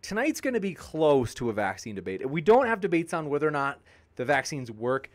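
A man hosting a live stream chats in a loose, joking way as he answers viewers' comments. His voice sits a little higher than most men's, and his tone stays upbeat and friendly throughout. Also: big pitch swings, fairly quick. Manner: jokey, upbeat banter. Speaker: debate channel host.

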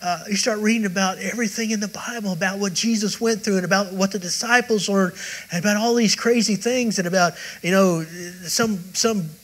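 A man's voice: high-pitched, steady tone, fairly quick, fairly bright tone, low-quality recording. A male preacher giving a rambling, conversational sermon that mixes in his own testimony at a church service. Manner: rambling, conversational storytelling with many restarts.

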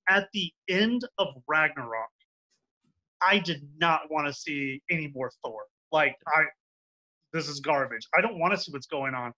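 Young man, heated geek debater, bright edgy tone, rants and swears. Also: a little high, unhurried, lo-fi sound. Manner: ranting, swears, mocks with acted quotes. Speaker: debater defending a film.

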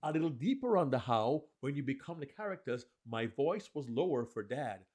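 A man's voice: a little high, brisk. A man co-hosting a live podcast on public speaking, explaining techniques and acting out examples. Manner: animated, acts out examples. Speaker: podcast co-host, speaking coach.

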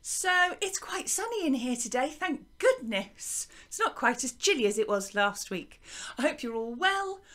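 Brief: English woman, primary music teacher, high and very animated, encouraging sing-song delivery to small children. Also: unhurried. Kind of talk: lively online children's lesson. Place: small garden hut classroom. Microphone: desk microphone by laptop.

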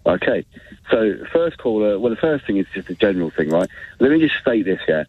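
A man's voice: fairly low pitch, big pitch swings, a little fast, husky. Mocking male caller on a phone line. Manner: mocking, emphatic. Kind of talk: phone-in call.

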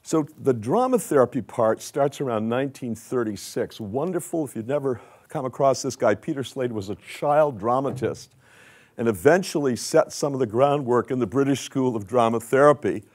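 A man's voice: medium pitch, moderate pace, a little mellow. An older man giving a conversational conference lecture with slides, asking the audience questions. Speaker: conference speaker.

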